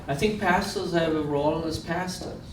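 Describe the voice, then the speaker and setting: The speaker is a man from Israel, a guest lecturer whose fairly high voice moves at a moderate pace as he earnestly tells stories and repeats phrases for emphasis. Recorded from afar in a university lecture room, the audio is reverberant with background noise.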